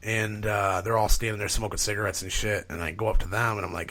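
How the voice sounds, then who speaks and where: A podcast guest with a lowish voice talks fast, barely pausing, as he rambles through a long story in relaxed chat. He swears freely and plugs gaps with "like" and "you know" while animatedly retelling it.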